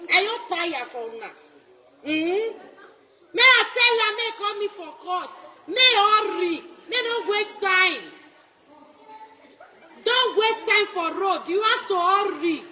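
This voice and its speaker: A Nigerian woman in a loud, taunting social media rant, mocking and laughing between her jabs. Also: extremely high pitch, animated, takes it slowly, long pauses, crowd noise.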